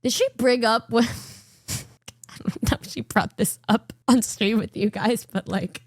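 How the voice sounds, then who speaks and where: A young-sounding woman with a high voice chats on stream, giggling often and cursing freely as she teases. Her sound is close and dry, with no room around it. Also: unhurried, no room sound. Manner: giggly, swears freely, teasing. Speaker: streamer reacting to viewer clips. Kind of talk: casual chat.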